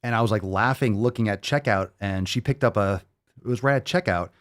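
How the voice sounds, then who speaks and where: A man's voice: lowish voice, a little fast, a bit bright. A male podcast host ranting bluntly and profanely in a monologue.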